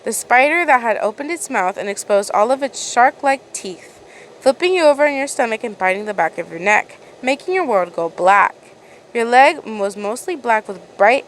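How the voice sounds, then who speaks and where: A woman's voice: on the high side, expressive, moderate pace, slight background noise, poor audio. Casual woman reading a story aloud. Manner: casual reading, frequent stumbles and restarts. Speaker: fan fiction reader.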